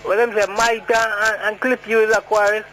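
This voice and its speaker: A man with a Jamaican accent phones in to a radio show and chats casually in patois. His voice sits high for a man and comes through distant on the call-in line. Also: flat delivery, normal speed, background noise. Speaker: caller.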